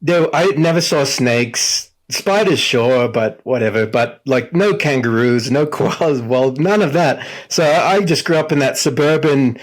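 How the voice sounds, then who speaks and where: A man's voice: mid-range voice, measured pace, hardly any pauses. Australian man with a light, Americanized accent. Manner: chatty, rambling anecdotes with many restarts. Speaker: podcast host. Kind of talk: casual podcast chat.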